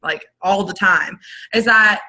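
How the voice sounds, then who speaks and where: A young woman giving an energetic, rambling coaching talk to her team on a video call. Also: mid-range voice, measured pace, rough recording. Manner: energetic, animated, rambling with restarts. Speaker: network marketing team leader.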